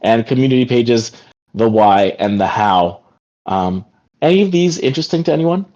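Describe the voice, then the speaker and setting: Heard through dull lo-fi call audio, an animated man with a mellow, mid-range voice speaks at normal speed while hosting a relaxed team meeting. He rambles, with plenty of fillers and a frequent "like."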